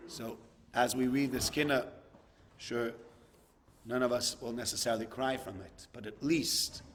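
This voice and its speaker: A man's voice: medium pitch, steady tone, a little slow, a bit bright, slight background noise. A man giving a sermon, telling a story and rising to impassioned emphasis. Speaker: rabbi giving a talk.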